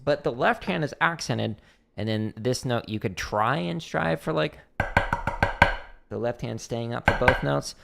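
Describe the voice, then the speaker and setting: A man's voice: medium pitch, unhurried, vocal fry, loud music behind the voice. A man giving a casual drum lesson on a practice stream, talking through rhythms and singing them out with syllables. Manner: sings out rhythms with vocal syllables; relaxed, thinking aloud with fillers. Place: home practice room. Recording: loud drumming and clicks behind the voice.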